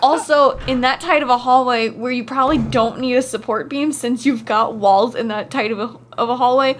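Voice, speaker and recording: A woman's voice: on the high side, steady tone, moderate pace, fairly bright tone, a little hiss or hum. A woman co-hosting a casual gaming stream, reading chat aloud, laughing often and swearing freely.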